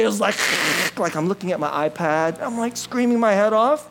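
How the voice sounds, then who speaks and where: A male pastor preaching a sermon in an animated, jokey manner, laughing often and swinging between loud bursts and quiet asides. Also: high voice, moderate pace, vocal fry, few pauses, poor audio.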